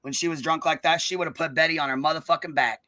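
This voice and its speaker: A woman hosting a live stream, ranting and calling people out in a combative, profanity-heavy way, with a notably low, bass-heavy voice. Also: fairly even intonation, fast talker, pushed and bright. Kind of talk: live-stream commentary rant.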